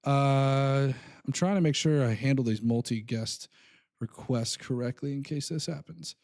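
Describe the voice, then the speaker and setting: A man's voice: mid-range voice, measured pace, a little mellow. A man hosting a live call-in stream, talking casually in a loose, rambling way and laughing often. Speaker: host.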